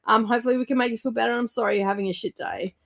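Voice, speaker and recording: A woman's voice: a little high, fairly even intonation, rapid-fire, creaky. A woman hosting a livestream, chatting casually and rambling with lots of fillers while she reads viewer comments. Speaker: livestream host.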